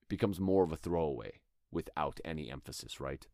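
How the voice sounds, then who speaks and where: Very deep-voiced man teaching acting. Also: lively intonation, brisk, darkish tone, dry recording, clean studio sound. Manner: thoughtful, conversational, demonstrates lines aloud. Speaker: acting coach podcast host. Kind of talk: instructional talk.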